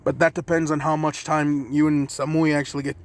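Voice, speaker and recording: A man's voice: a little high, flat delivery, a little fast, a little hiss or hum, natural voice. A man voicing a protective big-brother village leader who talks bluntly, crudely and with threats. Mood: gruff.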